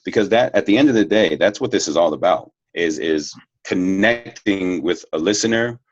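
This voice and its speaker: A man's voice: sits low, animated, normal speed, no room sound, dull audio. A man who works as a voiceover actor, talking candidly and easygoing as an interview guest, laughing now and then. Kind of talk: casual interview talk.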